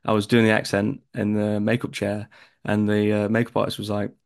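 Gravelly-voiced young Northern English man. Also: fairly low pitch, brisk. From northern England. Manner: chatty, animated storytelling. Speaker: actor guest. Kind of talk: casual interview chat.

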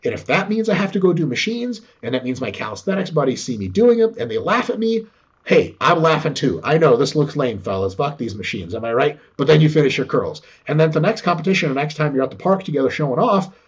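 A man talking as a guest expert in a casual, profane, animated way, acting out quotes as he explains. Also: fairly high pitch, fast talker, slightly rough. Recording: dull lo-fi sound.

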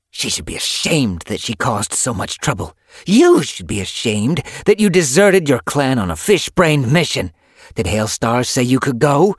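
A man's voice: medium pitch, dry recording, studio quality, pitched above the performer's own voice. Mapleshade, a man voicing a sneering old she-cat. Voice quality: sneering, snarling, later croaking. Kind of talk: audiobook character voice.

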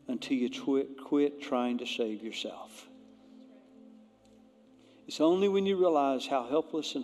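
A man preaching a sermon as pastor, swinging between loud emphatic appeals and hushed, near-whispered storytelling. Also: mid-range voice. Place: church sanctuary. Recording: long church-hall reverb, faint music.

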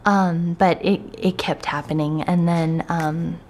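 A woman in her twenties giving a candid documentary interview, soft-spoken and hesitant, with many pauses and fillers. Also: fairly low pitch, fairly even intonation, slight background noise.

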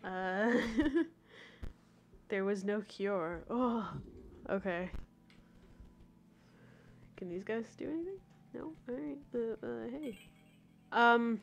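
A woman's voice: a little high, slow, gravelly, long pauses, a little hiss or hum. A young woman live-streaming a game, giggling often, rambling, and reading the game text aloud.

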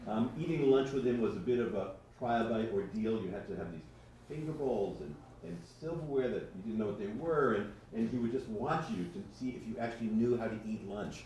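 A man's voice: on the low side, animated, brisk, warm tone, a little hiss or hum. A man giving a rambling personal tribute at a lecture, hesitant and full of fillers. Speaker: memorial speaker. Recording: echoey hall from far off.

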